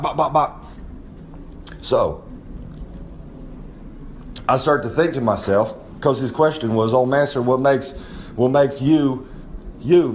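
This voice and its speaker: A man's voice: medium pitch, slight background noise. A man giving a rambling, in-character wrestling promo, boasting and talking about himself in the third person with many asides. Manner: drawling, rambling storyteller with frequent asides. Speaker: recurring segment guest.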